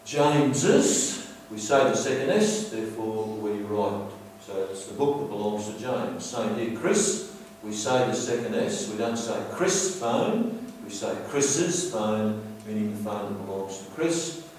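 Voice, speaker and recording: A man teaching a grammar lesson over slides, explaining patiently and repeating himself, slowing down to stress key words. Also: lowish voice, animated, a little mellow, slight background noise. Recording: very echoey room, distant mic.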